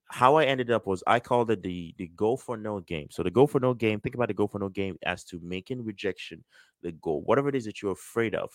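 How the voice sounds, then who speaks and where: A middle-aged man giving a casual motivational talk on sales and business, lively and acting out quoted voices. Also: fairly low pitch, no room sound. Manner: animated, acts out quoted voices.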